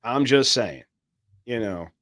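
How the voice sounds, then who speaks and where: A man's voice: medium pitch, expressive, takes it slowly, a bit bright. A man co-hosting a podcast in casual, joking banter, swearing freely. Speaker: podcast co-host.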